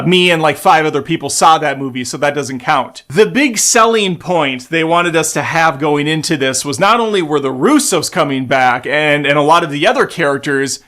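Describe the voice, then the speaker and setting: A man giving casual, snarky commentary on a movie trailer, swearing freely and breaking into excited bursts. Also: on the high side. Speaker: movie trailer reaction host.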